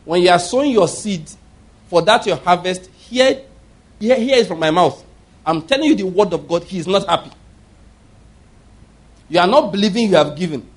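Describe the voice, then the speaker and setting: A man's voice: high voice, lively intonation, moderate pace, long pauses. A male pastor preaching a sermon, telling stories emphatically and acting out the voices of the people he quotes. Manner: emphatic storytelling preacher who acts out quoted speech.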